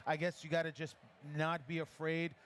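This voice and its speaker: Brief: male barista instructor, slightly high voice, chatty encouraging coach, live festival demo. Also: level tone, fairly bright tone, slight background noise. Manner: encouraging, chatty, gives quick pouring cues. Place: coffee festival demo area.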